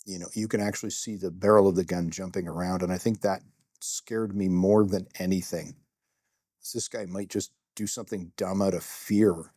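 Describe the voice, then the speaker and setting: A man's voice: low voice, steady tone, moderate pace, mellow, no room sound, clean studio sound. Candid self-deprecating middle-aged man. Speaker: security guard. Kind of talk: first-person storytelling.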